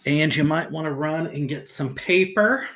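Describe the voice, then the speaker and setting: A man teaching a phonics lesson to young children, sounding out each letter patiently and checking in cheerfully. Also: normal speed. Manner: lively pitch, rising on cheerful check-ins.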